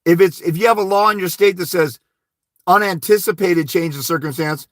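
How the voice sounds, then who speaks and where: A man's voice: high-pitched, fairly quick, a bit bright, no echo, studio quality. Blunt, profane man on a livestream. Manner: blunt, profane, tells anecdotes with quoted dialogue. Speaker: host of a fathers' rights livestream. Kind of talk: casual livestream advice.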